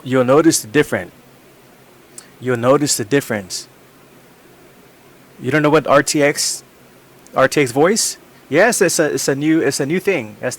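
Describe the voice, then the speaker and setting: A man's voice: mid-range voice, moderate pace, pauses often, fairly bright tone. A man chatting casually on a live stream from his home gaming setup into a desk microphone, rambling and repeating phrases over and over.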